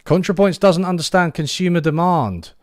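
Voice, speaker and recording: A man's voice: high-pitched, moderate pace, no room sound, studio quality. A young man hosting a casual live stream, sarcastic and laughing, full of restarts and trailing asides. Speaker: YouTube channel host.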